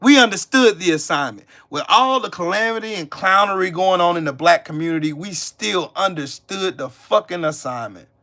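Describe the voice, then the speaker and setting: Heated guy ranting on his live stream, cussing out chat, kinda high sharp voice. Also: lively intonation, moderate pace, few pauses. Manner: profane, heated, talks back to chat. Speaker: livestream host. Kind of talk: angry live-stream rant.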